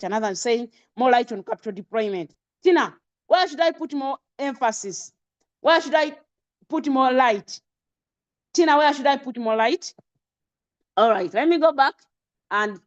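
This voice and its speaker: In a muffled recording, a woman with a Ugandan accent and a voice on the high side teaches trading settings in a live online session. As a trading instructor, she drills key terms again and again while posing questions to the audience.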